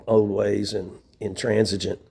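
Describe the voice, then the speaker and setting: A man's voice: on the low side, flat delivery, a little slow, creaky, warm tone, a little hiss or hum. A middle-aged man talking in a rambling, casual monologue from a shelter floor, venting with profanity and wry laughs. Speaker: vlogger. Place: shelter room, sitting on floor.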